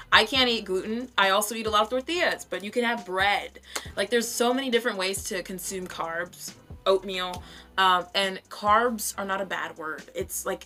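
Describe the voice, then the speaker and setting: A woman's voice: mid-range voice, sharp tone. A young woman giving casual, blunt, profane commentary as she roasts other creators in her vlog, chatty and full of fillers. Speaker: vlogger reviewing other creators.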